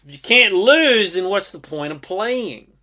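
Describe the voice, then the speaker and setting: A man's voice: high-pitched, animated, measured pace, pushed and bright. A man hosting a motivational podcast, speaking in an emphatic, exhorting monologue with occasional profanity. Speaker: podcast host and success coach.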